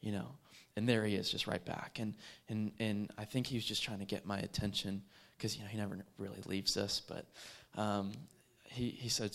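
Man, low voice, earnest, halting, personal testimony, frequent fillers. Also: little pitch movement, gravelly, fairly bright tone. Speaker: street evangelist.

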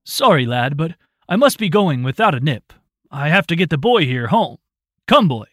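A man's voice: on the high side, very animated, moderate pace, a bit bright, dry recording, studio quality, voice pushed up. Man playing a hearty older mentor, raised and commanding. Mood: brisk.

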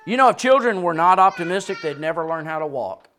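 A man in his sixties delivers a sermon, his fairly high voice leaping up in bursts and falling low and soft. He chuckles now and then between points. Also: quick pace, a little hiss or hum. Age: 60s. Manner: animated preaching with sudden rises and drops. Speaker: pastor.

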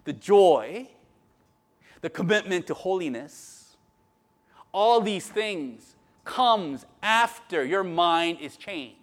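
A man's voice: high-pitched, animated, slow. Man preaching with frequent "right?" asides. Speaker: pastor. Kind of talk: sermon.

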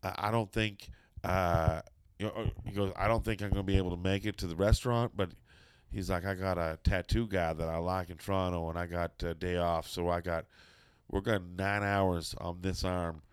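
A man's voice: low voice, normal speed, clear, resonant tone, no room sound. A middle-aged man telling a long, profane anecdote in casual chat, acting out the people in it. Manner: profane, animated storytelling with quoted voices.

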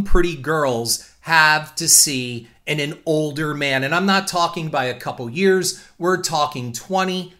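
A man's voice: on the high side, pushed and bright. A man hosting a talk show, delivering a blunt, indignant and profane opinion rant. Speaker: podcast host.

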